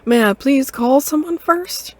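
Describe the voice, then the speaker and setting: A woman's voice: sits high, a little slow, voice pushed up. A woman voicing a grown tomcat bully who stammers and pleads nervously with his mother in a game. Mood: pleading. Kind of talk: game voice acting.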